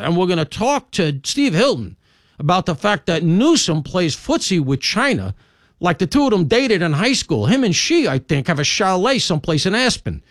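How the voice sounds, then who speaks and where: Emphatic, animated male talk host. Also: high voice, no echo, studio quality. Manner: rambling, emphatic, jumps between asides. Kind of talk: opinionated monologue previewing the show.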